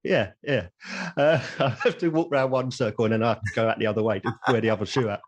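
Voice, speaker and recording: A man's voice: medium pitch, quick pace. A man hosting a podcast who asks questions hesitantly, with ums and uhs, and laughs easily. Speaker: podcast host. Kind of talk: casual podcast interview.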